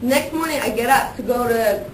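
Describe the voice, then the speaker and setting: Young woman teacher, high voice, chatty and worked up; distant camera, noisy, roomy classroom. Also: normal speed. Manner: chatty, worked-up storytelling, acts out her own reactions. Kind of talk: telling a story to a class. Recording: echoey classroom from far off, noisy.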